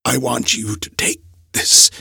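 A man's voice: medium pitch, little pitch movement, unhurried, creaky, bright, forceful tone, husky, no room sound, studio quality, pitched above the performer's own voice, exaggerated voice. Man doing a strained old professor. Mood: weary. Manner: urgent, breathless pleading. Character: frail old male professor, stubborn and strained.

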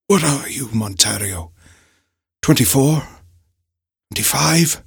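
Brief: a man playing a frail old professor, high strained voice, breathless and insistent, storybook reading. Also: expressive, slow pace, creaky, breathy edge, dry recording, clean studio sound, full character voice. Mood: weary. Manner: urgent, breathless pleading.

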